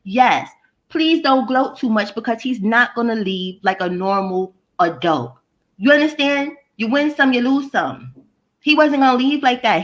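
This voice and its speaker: Profane, animated woman ranting. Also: on the high side, dull audio. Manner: profane, animated, mocking, answers viewers by name. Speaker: vlogger. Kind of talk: casual rant to live chat.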